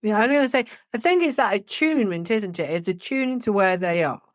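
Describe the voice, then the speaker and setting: A woman co-hosting a podcast, taking up her colleague's thread and playing out everyday scenes to make the point. Her voice is mid-pitched and sits close and dry on the recording. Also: expressive, brisk, no room sound. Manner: warm and agreeing, acts out everyday examples. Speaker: play therapist, podcast co-host. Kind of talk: reflective podcast conversation.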